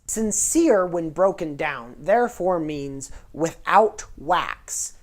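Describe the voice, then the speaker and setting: A woman's voice: deep voice, darkish tone. A woman hosting a casual educational vlog, explaining things in a playful, nerdy way. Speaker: host.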